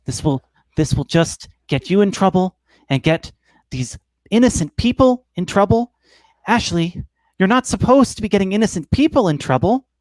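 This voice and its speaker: A man's voice: high-pitched, animated, moderate pace, a little mellow, dry recording, pitched above the performer's own voice. A man doing a scolding ladybug conscience. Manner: scolding, fretful. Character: nagging little ladybug conscience.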